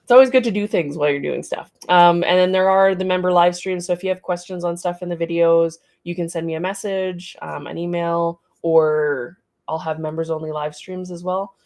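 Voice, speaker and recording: A middle-aged woman hosts a livestream from her art studio, rambling casually and greeting viewers as she reads their comments aloud. Her voice is fairly low and a little mellow, with a steady tone, normal speed, and hardly any pauses.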